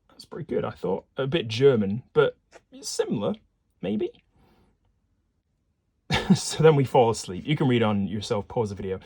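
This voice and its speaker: A man casually narrating a solo detective board game, reading the case aloud and thinking out loud with rambling, self-correcting asides and little jokes. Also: medium pitch, sing-song, normal speed, pauses often, breathy edge, dry recording.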